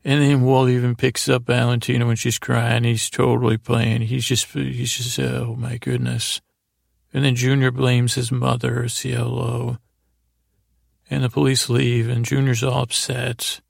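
In a dry, studio-quality recording, a man with a mid-range voice, vocal fry, and little pitch variation speaks without hurry. He hosts a podcast, meandering through a sleepy TV episode recap, loosely paraphrasing characters and often correcting himself.

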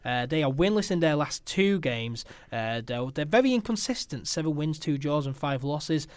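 Host, man, mid-pitched, halting delivery full of "uh"s, dry close sound. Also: lively intonation, clear, resonant tone, no echo. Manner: hesitant, many filler "uh"s. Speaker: podcast host. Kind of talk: football fan podcast chat.

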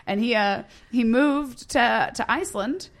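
A woman comedian in relaxed podcast chat. She tells her stories with lots of energy, acts out the quotes and swears freely. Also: on the high side, measured pace.

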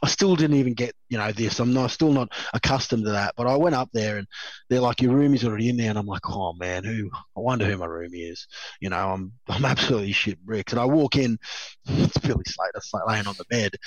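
A man's voice: mid-range voice, a little fast, no room sound. Chatty Australian man, dry and muffled. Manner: rambling, chatty storyteller who laughs often, lots of "you know" and "um". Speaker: guest, former rugby league player. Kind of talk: relaxed anecdotal interview.

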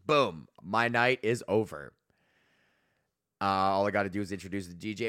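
A man's voice: medium pitch, sing-song, unhurried, pushed and bright, no room sound, clean studio sound. A man hosting a solo podcast, telling road stories in a rambling, profane way with many fillers, from a home setup. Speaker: podcast host and comedian.

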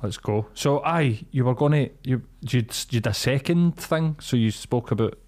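A man's voice: mid-range voice, moderate pace, darkish tone. Teasing Scottish podcast man. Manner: teasing, chips in with short jokes. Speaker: podcast co-host. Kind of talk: casual chat.

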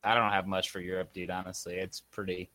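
A man's voice: low voice, level tone, quick pace, sharp tone, no room sound. A man co-hosting a casual esports podcast, laid-back and chatty. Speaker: podcast co-host.

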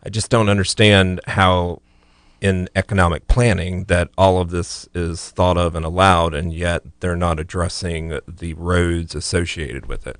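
A man co-hosting a casual talk show, venting about traffic and letting his sentences fade off quietly. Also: sits low, steady tone, a little slow, no echo. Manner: ranting, trails off quietly at ends. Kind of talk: casual radio chat.

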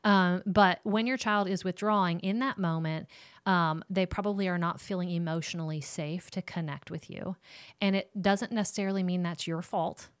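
A woman's voice: lowish voice, fairly even intonation, normal speed, clean tone, no echo, clean studio sound. A woman, giving direct, casual faith-based parenting advice as a ministry counselor. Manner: warm, direct, talks straight to moms.

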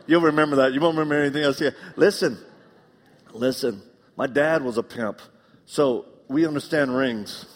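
A middle-aged man preaching a live sermon, animated and joking, acting out the voices in his stories. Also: mid-range voice, normal speed. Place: church auditorium. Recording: long reverb of a large hall.

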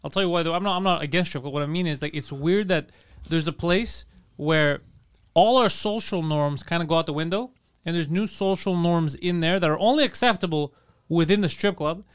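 A man's voice: a little high, a little fast, clean tone. A man co-hosting a comedy podcast, riffing playful observational bits in casual chat. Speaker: podcast co-host.

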